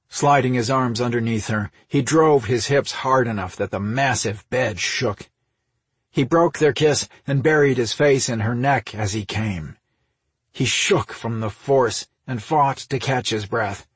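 A man narrating an audiobook in a steady, unhurried reading, close on the microphone. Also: medium pitch, breathy edge, no room sound. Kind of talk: scripted narration.

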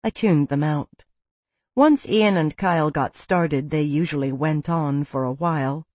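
Woman narrating an audiobook, lowish voice. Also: a little slow, a little mellow, no room sound. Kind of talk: first-person audiobook narration.

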